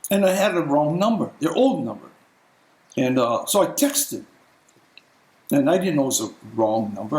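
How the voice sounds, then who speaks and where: A man preaching a sermon as a pastor, telling stories conversationally and clearing his throat often. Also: on the high side, a little mellow, echoey room, rough recording.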